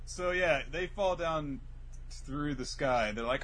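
A man in casual chat, animatedly retelling an episode and acting out characters in quick bursts. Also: medium pitch, fairly bright tone, husky. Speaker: podcast co-host recapping an anime.

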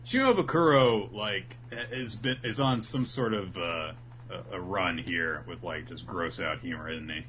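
A man's voice: low voice, unhurried, slight background noise. A man co-hosting a podcast, casually recapping an episode and acting out the characters as he goes. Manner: animated storytelling, acting out characters. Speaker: podcast co-host.

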